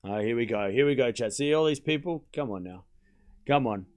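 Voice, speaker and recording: A man hosting a live tennis watchalong stream, calling points with excitement and chatting casually and bluntly with his viewers. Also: mid-range voice, brisk. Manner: excited play-by-play, then ranting casually at chat. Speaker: stream host and tennis commentator. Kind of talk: live watchalong commentary with chat.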